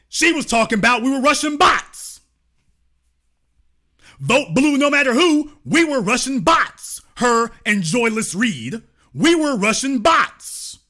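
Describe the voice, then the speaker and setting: A middle-aged man hosts his own show with a high, lively voice that swoops up and down. His tone is bright and sharp, and he talks in mocking, theatrical rhetorical questions. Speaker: online show host. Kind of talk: sarcastic political commentary.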